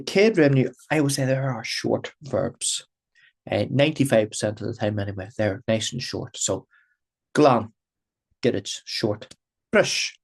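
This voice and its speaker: A man's voice: mid-range voice, vocal fry, a little mellow. A man giving a recorded grammar lesson as a language teacher, explaining patiently and repeating terms in two languages. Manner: patient, repetitive explaining, switching between Irish and English.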